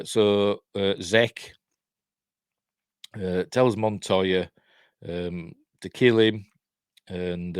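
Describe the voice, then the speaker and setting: A man's voice: deep voice, no room sound, clean studio sound. A man giving a rambling, sardonic casual film commentary, chuckling often as he walks through a movie. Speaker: film reviewer.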